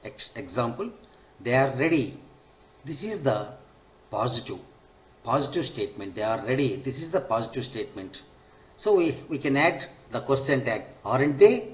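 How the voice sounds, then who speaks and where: A man's voice: medium pitch, lively intonation, normal speed. A man teaching an English grammar lesson, who repeats each point and spells out the forms step by step. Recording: echoey room.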